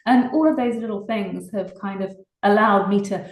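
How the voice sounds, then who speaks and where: A British woman, a singer-songwriter, chatting casually in an interview, laughing often between fast bursts of talk. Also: mid-range voice, reverberant, low-quality recording. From Britain.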